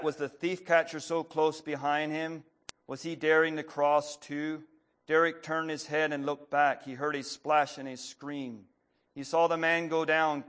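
A man preaching a sermon who reads a story aloud, then speaks plainly with pauses and fillers, clearing his throat often. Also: on the high side, a bit bright.

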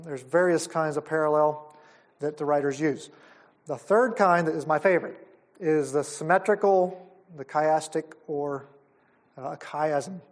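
High-voiced enthusiastic male Bible teacher. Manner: enthusiastic, explaining step by step. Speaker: Bible conference speaker. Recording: audio of a live talk.

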